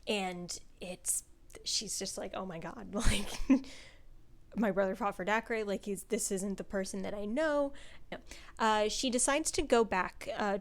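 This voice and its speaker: Chatty young woman reviewing a book. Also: a little high. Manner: chatty, lots of fillers, swears when excited. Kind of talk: casual book review monologue.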